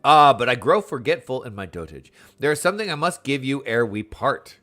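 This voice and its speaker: A man's voice: medium pitch, big pitch swings, fairly quick, fairly bright tone, faint music behind. A man reading aloud the lines of a courteous, aging nobleman from a fantasy game, in formal, stately phrasing.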